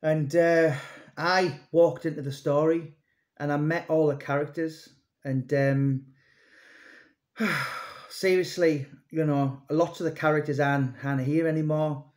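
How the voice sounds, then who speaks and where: A man in his thirties speaks in a slightly high voice, rambling through a casual monologue to camera. He is an author and publisher, talking loosely with lots of ums and restarts. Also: steady tone, a little slow, darkish tone. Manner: rambling, conversational, many fillers and restarts.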